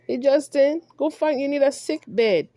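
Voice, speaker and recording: A woman's voice: sits high, normal speed, warm tone, no room sound, studio quality. A woman vlogger delivering a heated monologue, scolding someone directly and repeating herself for emphasis.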